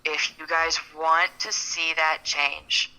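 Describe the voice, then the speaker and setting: A young woman co-hosts a podcast in loose, rambling conversation, often trailing off and stammering as she hunts for the right words. Her voice sits a little low but has a very bright, ringing edge. She keeps the chat relaxed and talkative. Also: slow pace, low-quality recording. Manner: chatty, rambling, stammers when searching for words. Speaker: podcast co-host. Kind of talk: casual chat.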